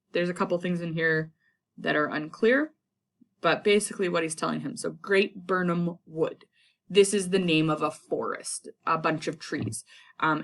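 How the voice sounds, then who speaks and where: A woman teaching a lesson in a chatty, casual way, retelling the story in everyday slang. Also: lowish voice. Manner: chatty, paraphrases characters in slang.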